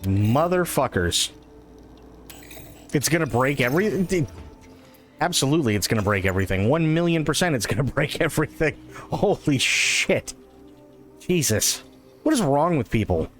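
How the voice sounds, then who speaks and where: A man's voice: medium pitch, very animated, normal speed, pauses often, soft background music. A man ranting profanely in casual live-stream chat.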